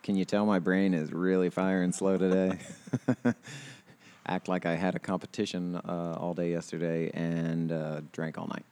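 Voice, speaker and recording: Man, 30s, very low voice, loose rambling podcast host full of filler words. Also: little pitch movement, normal speed, darkish tone, smooth. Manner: rambling, heavy on fillers and restarts, laughs often. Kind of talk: casual chat. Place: outdoors.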